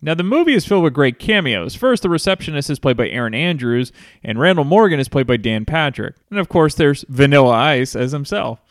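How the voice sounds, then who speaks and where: A man narrating a film recap from a script, even and explanatory. The sound is dry and close, with no room around it. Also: a little high, brisk, dry recording. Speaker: film reviewer.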